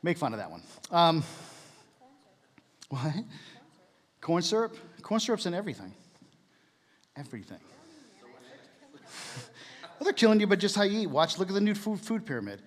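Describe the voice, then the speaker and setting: A man's voice: on the high side, in a large hall. A man giving a casual, jokey church talk, asking the room questions as he goes.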